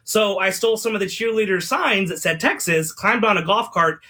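A man in his forties, a former sports mascot, telling animated stories as a guest on a radio talk show. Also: high-pitched, normal speed, breathy edge. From United States. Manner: animated storyteller, acts out quotes. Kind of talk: casual radio interview storytelling.

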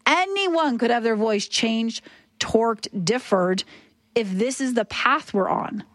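A woman's voice: on the high side, expressive, slow, fairly bright tone, no room sound. A woman, arguing passionately and emphatically as a talk radio host. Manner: impassioned, emphatic.

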